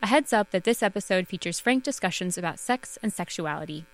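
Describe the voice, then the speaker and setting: A woman hosting a public radio talk show, reading a calm, measured introduction. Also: medium pitch.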